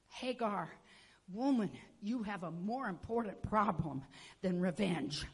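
A woman preacher giving an impassioned sermon, moving between hushed tones and shouting as she tells stories. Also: mid-range voice, lively intonation, a little slow, slightly rough. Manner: storytelling with acted-out quotes.

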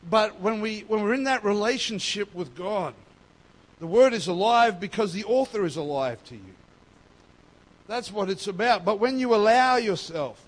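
A man giving a sermon as pastor, emphatic and swinging between loud and soft. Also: high-pitched.

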